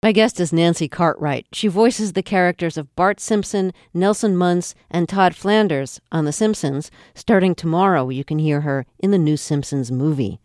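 A woman hosting a radio interview, asking measured questions with some hesitation. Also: lowish voice, a little mellow, no room sound, clean studio sound. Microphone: studio microphone.

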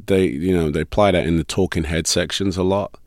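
A British man talks through an interview in an easy, chuckling way, leaning on ums and you-knows. His voice sits very deep and low. The sound is close and dry, with no room around it. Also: fairly even intonation, a little fast, darkish tone, no echo. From Britain. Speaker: actor guest. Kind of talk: casual interview chat.

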